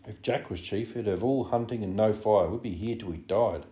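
A man's voice: fairly low pitch, moderate pace, dark tone, pitched above the performer's own voice, natural voice. A man doing a fretful, anxious schoolboy. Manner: earnest, fretful pleading. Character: anxious plump schoolboy, fussy and wise. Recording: roomy echo.

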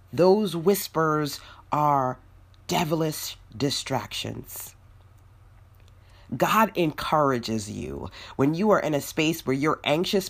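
A woman delivers a motivational faith talk with a slightly low voice. She leans on repetition and a rhythmic, preacher-like cadence, slipping into quick snippets of imagined inner voices. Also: slightly rough. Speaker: podcast host.

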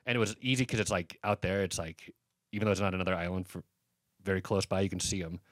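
A man's voice: deep voice, fairly even intonation, quick pace, no room sound. A man from the US East Coast telling rambling, profanity-laced stories in casual podcast chat, full of fillers. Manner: rambling anecdotes, heavy swearing, many fillers.

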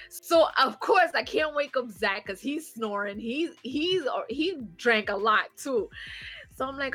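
Woman in her 30s telling a wild drunk story, cussing a lot, laughing, slightly high voice, music faint behind. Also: unhurried. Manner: animated, swearing, laughs through her story. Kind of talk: casual storytelling chat.

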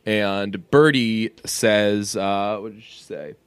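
A man's voice: fairly low pitch, fairly even intonation, takes it slowly, smooth, dry recording. A man co-hosting a podcast, chatting casually, rambling and swearing, laughing often. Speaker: podcast co-host.

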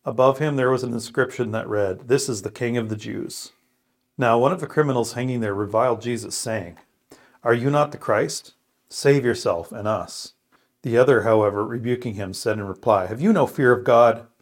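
A man praying, reading scripture aloud and reflecting in an earnest, thoughtful way. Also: medium pitch. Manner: earnest, thoughtful, with pauses and restarts. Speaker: co-host of a scripture podcast.

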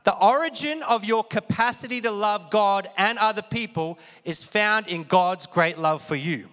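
A man's voice: high-pitched, normal speed, fairly bright tone. A man preaching a sermon with lots of energy, calling on the congregation to repeat after him. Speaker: pastor. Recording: long hall reverb.

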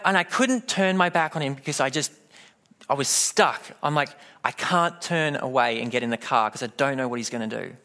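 A man's voice: mid-range voice, normal speed, bright, forceful tone. A man preaching a sermon, telling a personal story and acting out the voices in it. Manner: storytelling, acts out quoted voices. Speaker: pastor.

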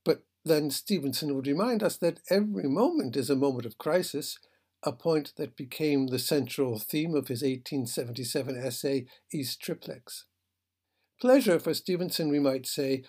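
Husky man reading and reflecting. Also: medium pitch, moderate pace, a little mellow. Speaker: literature lecturer. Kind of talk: reading a fable aloud and commenting.

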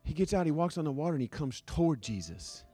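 A male pastor preaching a sermon as a lively, joking storyteller who acts out the scenes he describes. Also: on the high side, quick pace, slightly rough, faint music behind.

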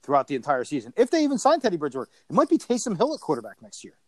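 The man talks in a casual, animated way about sports, full of opinions, and his voice sits fairly high. He is recorded close and dry, with no room sound. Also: very fast, dry recording. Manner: animated, opinionated, laughs often. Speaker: podcast host. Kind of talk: casual sports podcast chat.

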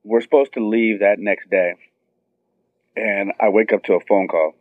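A man in his thirties recounts a story with mounting excitement. His voice sits low but leaps up whenever he quotes someone. It comes through thin and dry, like a phone call. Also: normal speed, dry recording. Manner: excited, acts out quotes with high squeals. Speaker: guest telling a story. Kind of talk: animated storytelling. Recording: tinny phone-line sound.

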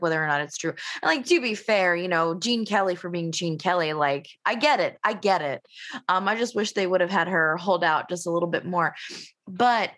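Lower-voiced woman panelist, casual and frank, blunt opinions. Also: a bit bright. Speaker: podcast panelist. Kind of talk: casual film discussion.

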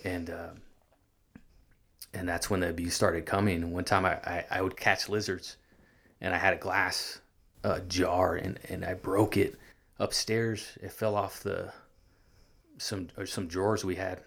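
Low gravelly-voiced guy telling his life story, earnest, lots of restarts. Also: level tone, a bit bright. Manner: earnest, halting, many restarts and fillers. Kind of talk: personal storytelling in an interview.

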